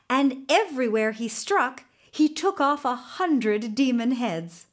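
A woman narrating a children's storybook in a gentle, measured way. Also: sits high, lively intonation.

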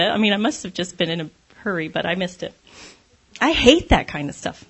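A woman's voice: lowish voice, big pitch swings, a little fast, a bit bright, breathy edge. A woman giving a conversational devotional talk, candid and self-deprecating, laughing often as she speaks.

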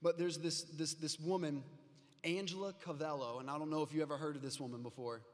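A man preaching a sermon as a pastor, moving from quiet storytelling to loud, rising exhortation. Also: a little high, fairly even intonation, fairly quick, big-room sound.

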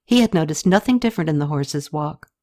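A woman narrating an audiobook story in a steady scripted reading, lifting her pitch slightly for characters' lines. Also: fairly quick.

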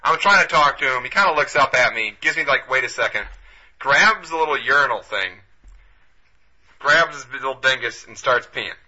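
A man co-hosting a podcast, telling a long story in a laid-back, profane, deadpan way. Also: medium pitch, normal speed. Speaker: podcast co-host. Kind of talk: casual storytelling chat. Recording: dull lo-fi podcast audio.

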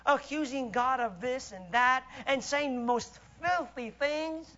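A man preaching with a very high, bright, forceful voice. He delivers his sermon with emphatic swings from loud exclamations to hushed asides. The recording sounds dull and lo-fi. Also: a little slow, few pauses.

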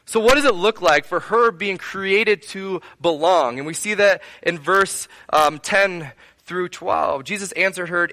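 A pastor preaches earnestly to his congregation in a slightly high, bright voice with a forceful tone, taking his time. He builds repeated phrases into lists and asks the people direct questions.

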